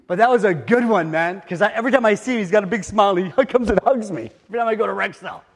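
An older man preaching a sermon as pastor, telling stories in an animated way that rises to excited exclamations, in a church hall. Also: high voice, vocal fry, husky. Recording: long hall reverb.

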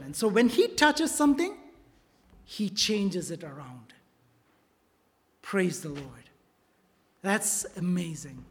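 A preacher giving a sermon in a church, repeating key phrases and often checking in with the congregation with a quick "right?" or "okay?". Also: mid-range voice, animated. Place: church sanctuary. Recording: long reverb of a large hall.

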